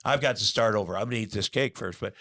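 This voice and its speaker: A man's voice: lowish voice, quick pace, a bit bright. A middle-aged man, a guest on an interview show, telling candid stories in a rambling way, with many fillers and restarts.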